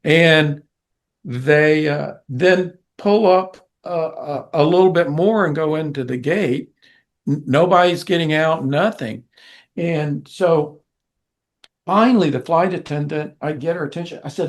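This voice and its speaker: Older man, musician guest, gravelly, slightly high-pitched, lively anecdote-telling. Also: a little slow. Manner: animated, vivid storyteller who acts out quoted people. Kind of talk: casual storytelling in an interview.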